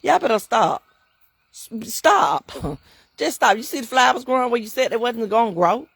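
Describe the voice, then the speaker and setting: A woman's voice: on the high side, lively intonation, normal speed, a bit bright, slightly rough, dry recording. A middle-aged woman hosting a livestream, preaching in an emphatic, repetitive way and laughing often. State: emotional, near tears. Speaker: livestream host and bookstore owner.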